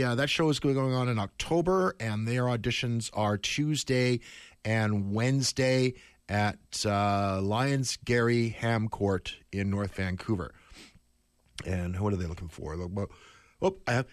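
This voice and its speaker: A man behind a studio microphone, chatting loosely between records as a campus radio host. He wanders and stalls, padding his talk with fillers, in a mid-pitched voice. The room is very dry and close, with no echo at all.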